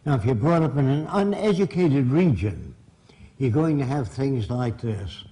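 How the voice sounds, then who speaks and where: A man's voice: mid-range voice, lively intonation, normal speed, dark tone, rough recording. An older man from Brooklyn, giving a blunt, emphatic public lecture. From Brooklyn, New York.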